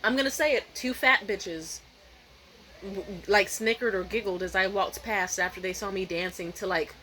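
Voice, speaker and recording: A young woman vlogging at home at night, telling a story in a profane, animated rant and mimicking other people's voices. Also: mid-range voice, normal speed, slight background noise, low-quality recording. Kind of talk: casual vlog rant.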